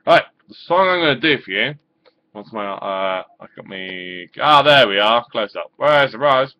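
A man's voice: medium pitch, lively intonation, moderate pace, lo-fi sound. A man singing along to a backing track into his webcam at home, after a casual, chatty introduction. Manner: chatty, fiddles with the camera before singing. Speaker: amateur singer.

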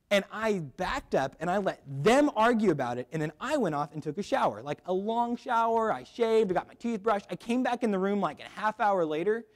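A young man giving a chapel sermon at a school, telling a funny personal story before turning to a Bible passage. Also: high-pitched. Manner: lively, joking storyteller. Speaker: chapel speaker.

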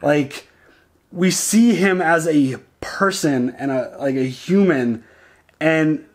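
A man co-hosting a casual reaction show, talking excitedly and acting out lines as he retells scenes. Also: fairly high pitch. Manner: excited, quotes characters in quick retellings.

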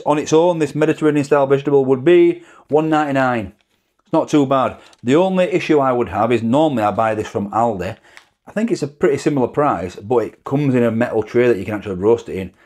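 A man's voice: mid-range voice, a little mellow. A middle-aged man, chatting casually to camera as a food vlogger, rambling and laughing often.

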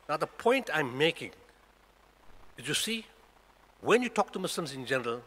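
A man's voice: on the high side, sing-song, moderate pace, pauses often, pushed and bright. South african guy in his 60s preaching in a mosque, keeps throwing questions at the crowd, long echo off the hall. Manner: emphatic, fires rhetorical questions at the congregation. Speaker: guest speaker at a mosque. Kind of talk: Friday sermon talk. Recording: echoey hall reverb.

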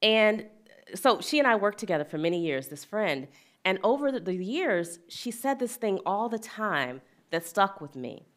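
A woman's voice: mid-range voice, very animated, normal speed. A middle-aged woman speaking as a wellness and equity speaker, earnest and plain-spoken, sharing a personal story in a reflective talk and laughing easily.

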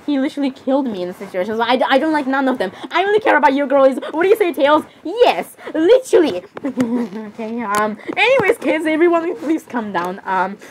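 A high-voiced woman performs a one-person role-play, jumping quickly from one character voice to the next with plenty of giggles. Her pitch swoops all over the place, and a faint hiss sits under the recording. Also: big pitch swings. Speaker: solo role-play creator. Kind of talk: solo role-play voicing many characters.

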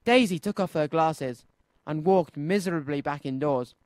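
A man presenting a children's radio show, reading a story aloud with an expressive, lively delivery. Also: a little high, normal speed, no echo. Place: radio studio.

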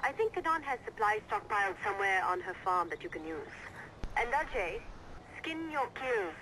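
An actress voicing a brisk, commanding rebel woman who hands out orders. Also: mid-range voice, very animated, noisy background, natural voice. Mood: instructive.

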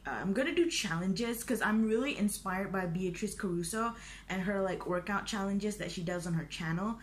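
A woman's voice: medium pitch, a bit bright, slight background noise. A young woman, chatting casually and self-deprecatingly to her viewers. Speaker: vlogger. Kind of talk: casual chat to camera.

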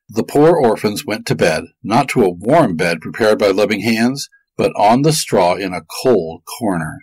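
Expressive husky-voiced male storyteller. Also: on the low side, normal speed, few pauses, no room sound, poor audio. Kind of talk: folk tale narration.

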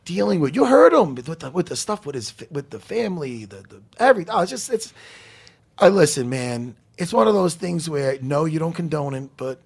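A man with a gravelly, raspy voice that sits fairly high for a man. He talks in a lively, animated way on a casual podcast, dropping into low mutters and then jumping up into shouts. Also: brisk. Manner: animated, profane, swings between mumbling and shouting. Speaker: podcast co-host. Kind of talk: casual chat.

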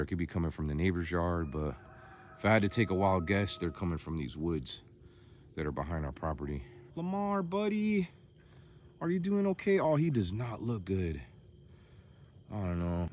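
A man vlogging outdoors on a small farm, chatty and worried, thinking out loud as he walks around. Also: low-pitched, a little hiss or hum. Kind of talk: casual vlog commentary.

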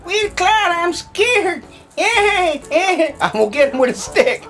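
A shrill, whiny redneck wife with a drawl, as a woman puts her on, panicky and pleading. Her voice jumps high and loud, with faint music under it. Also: fairly quick, lightly acted. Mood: panicked. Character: frightened drunk Southern redneck wife. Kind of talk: low-budget comedy sketch acting.

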